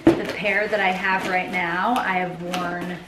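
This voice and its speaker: A young woman chatting casually to her viewers in a try-on haul video, gushing and excitable as she shows off her new things. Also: on the low side, measured pace, distant mic, very noisy. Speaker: vlogger. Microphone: camera mic at a distance. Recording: roomy, camera mic away from her, music behind.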